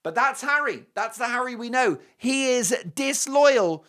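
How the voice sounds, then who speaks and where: Animated, mocking British male host. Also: extremely high pitch, unhurried. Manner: animated and mocking, with scornful asides. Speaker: talk show host. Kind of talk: opinionated commentary on clips.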